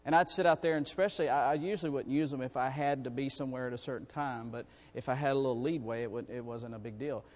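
A man preaching a sermon to his congregation, in a folksy, animated way with calls for amens. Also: medium pitch. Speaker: pastor. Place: church sanctuary. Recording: long reverb in a church hall.

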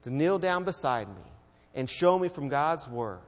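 A man preaching an evening church sermon and praying, swinging between loud exhortation and hushed quiet. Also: a little high, expressive, unhurried. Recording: long reverb of a hall.

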